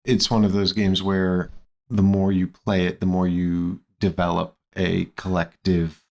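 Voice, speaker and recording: A man's voice: deep voice, level tone, a little slow, vocal fry, a little mellow. A man co-hosting a board game podcast, chatting casually and steering the talk between topics. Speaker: podcast co-host. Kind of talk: casual chat.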